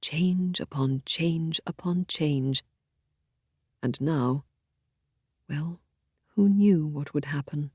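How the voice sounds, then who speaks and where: A woman narrating a historical novel in a measured, expressive storytelling voice on a close studio mic. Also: low voice, husky, no echo. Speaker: audiobook narrator.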